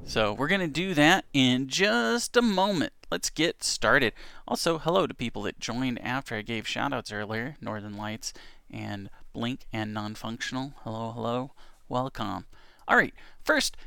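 A man's voice: mid-range voice, lively intonation, unhurried, gravelly, sharp tone, clear, resonant tone, no room sound, studio quality. A man hosting an online radio show, chatting casually and reading news items aloud, often stumbling and correcting himself.

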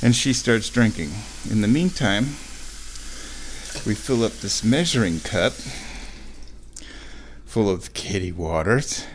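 A man talks his way through a home vlog in a slow, unhurried way, his voice rising and falling a lot. He rambles and chuckles at himself as he goes. He is recorded at home in his kitchen. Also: lowish voice, expressive, a little hiss or hum. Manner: rambling, self-amused, with frequent chuckles. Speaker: vlogger. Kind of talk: casual home vlog narration.

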